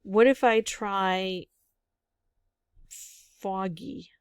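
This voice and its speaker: This clean studio recording, with no room sound, captures a woman with a mid-range, clear, resonant voice speaking extremely slowly. She's working through a word game solo, thinking aloud and pondering guesses in relaxed commentary.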